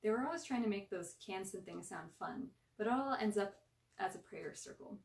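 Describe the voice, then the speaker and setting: A woman's voice: medium pitch, expressive, normal speed, vocal fry, distant mic. A woman playing a cocky, teasing boy. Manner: smug, prodding, joking. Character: cocky teasing preteen boy, the older brother.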